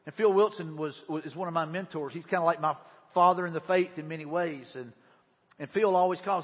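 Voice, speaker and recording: Middle-aged male pastor, high husky voice, rapid-fire sermon of rhetorical questions, dull reverberant recording.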